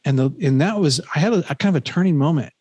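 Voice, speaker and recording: A professor in his fifties who hosts a podcast speaks very fast in a fairly high, darkish-toned voice with no room sound. Telling a story conversationally, he rambles earnestly, leaning on fillers and frequent restarts.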